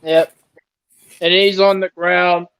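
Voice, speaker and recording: A man's voice: high voice, little pitch movement, slow, vocal fry, fairly bright tone, clean tone. A man chatting casually as a co-host, mostly giving short agreeing replies. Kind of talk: casual chat. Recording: dull lo-fi audio.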